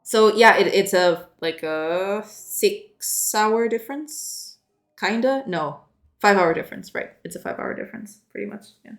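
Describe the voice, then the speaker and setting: A woman's voice: medium pitch, moderate pace, faint music behind. A woman streaming game development, chatting casually with viewers while she codes. She is self-deprecating and often breaks into giggles. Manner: chatty, reads and answers viewer messages. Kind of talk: casual live-stream chat while coding.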